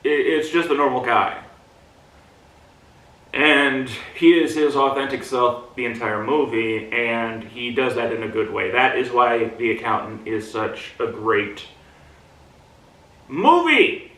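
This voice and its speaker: Halting bright-voiced man in an echoey room. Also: steady tone, recorded from a distance. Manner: halting, with many pauses and fillers; swings his pitch playfully between low and high. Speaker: movie reviewer. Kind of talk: casual movie review vlog. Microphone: camera mic at a distance. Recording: roomy echo, mic set back.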